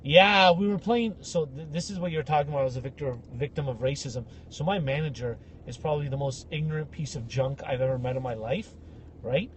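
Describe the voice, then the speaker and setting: A young man co-hosting a podcast, telling animated comic stories and acting out the people in them. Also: on the high side, fairly quick, slight background noise. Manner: animated, acts out voices in anecdotes. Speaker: podcast co-host. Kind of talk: casual comedic storytelling.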